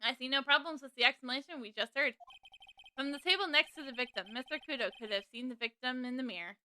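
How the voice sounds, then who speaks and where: A woman's voice: high-pitched, fast talker, sharp tone, a little hiss or hum. A woman voicing a fussy, easily swayed old male judge, formal and ponderous.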